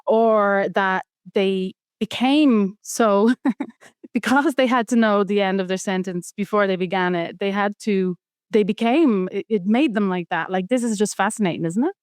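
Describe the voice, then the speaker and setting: A woman's voice: medium pitch, darkish tone, clear, resonant tone, no room sound, clean studio sound. An Irish woman hosting a podcast, chatting casually and curiously with her guest and laughing easily. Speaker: podcast host. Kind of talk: casual conversational interview.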